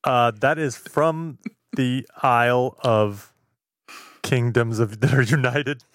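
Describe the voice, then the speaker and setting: A man's voice: medium pitch, slow pace, no room sound. Dry, teasing man co-host. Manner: dry, teasing, mock-serious. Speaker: podcast co-host. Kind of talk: casual podcast chat.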